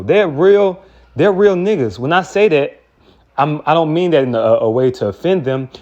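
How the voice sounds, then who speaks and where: A man's voice: on the high side, darkish tone. A man preaching in a heated, profane rant, often repeating and restarting words. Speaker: street preacher. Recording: dull lo-fi recording.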